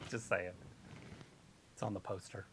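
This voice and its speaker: Woman with an extremely deep voice. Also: measured pace, a little hiss or hum. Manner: opinionated, explains wrestling matters flatly. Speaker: co-host of a wrestling watch-along stream. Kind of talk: casual live-stream chat with commentary.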